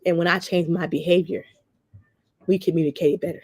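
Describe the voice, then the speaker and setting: This woman's voice is on the low side and darkish with a breathy edge, steady in tone and a little fast. The clean studio recording has no room sound. She hosts a talk show, telling personal stories bluntly and saltily, animatedly voicing the people she quotes.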